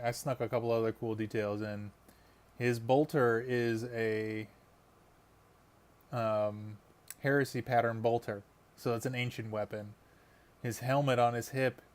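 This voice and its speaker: A man's voice: mid-range voice, a little mellow. A man chatting casually on a live stream while he paints miniatures, rambling and laughing often.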